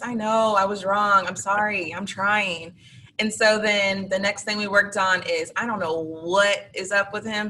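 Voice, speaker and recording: A woman tells classroom stories as a guest on an interview show, chatty and lively, and she voices her students as she goes. Her tone is bright and forward. She sits back from the mic, and a faint hiss of noise runs under her voice. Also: medium pitch, recorded from a distance, poor audio. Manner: chatty anecdotal, acts out students. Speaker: teacher guest. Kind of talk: interview storytelling.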